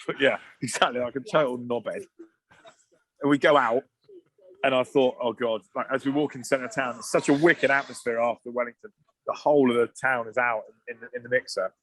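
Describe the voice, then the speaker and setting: A man in his thirties telling loose, animated rugby stories in casual podcast chat. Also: mid-range voice, a little fast, no room sound. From England. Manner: animated, swearing anecdotes with asides and restarts. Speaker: guest, former rugby player.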